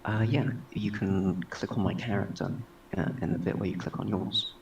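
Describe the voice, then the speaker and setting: Deep gravelly man joking at the game table. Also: fairly even intonation, moderate pace, lo-fi sound. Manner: laid-back, joking. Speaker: player. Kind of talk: casual game chat. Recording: distant mic with faint hiss.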